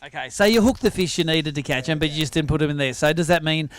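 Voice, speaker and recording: An Australian man hosting a fishing weigh-in, bantering in an energetic, teasing way. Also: a little high, no room sound. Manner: energetic, teasing, quick-talking. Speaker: weigh-in host. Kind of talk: live tournament emcee banter. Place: outdoor weigh-in stage at a sailing club.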